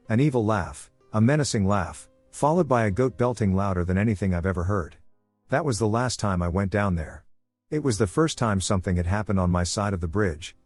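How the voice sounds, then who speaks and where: A man with a fairly low voice narrates a first-person horror story in a steady, grave manner. The sound is dry and close to the mic, with faint music under it. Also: no echo.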